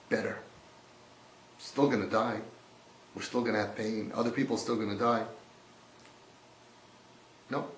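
A man teaching a sermon-style class, swinging from hushed to loud and mixing in Yiddish and Hebrew terms. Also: on the high side. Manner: swings between hushed and shouting, acts out voices. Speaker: rabbi giving a Torah class. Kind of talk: impassioned sermon. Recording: echoey room.

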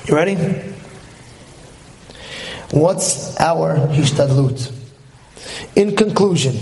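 A man speaking as a rabbi, giving a lively Torah talk with jokes, who acts out little scenes and keeps asking his listeners questions. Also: a little high.

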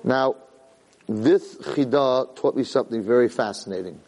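A man teaching a Torah class, animated, jumping high when he acts out a yelling parent. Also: normal speed. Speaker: Torah lecturer. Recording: long hall reverb.

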